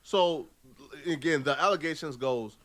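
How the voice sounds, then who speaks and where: A man's voice: fairly high pitch, a little slow, fairly bright tone. A man casually narrating a court case, reading out claims and commenting on them. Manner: conversational, reads out claims with commentary. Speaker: video narrator.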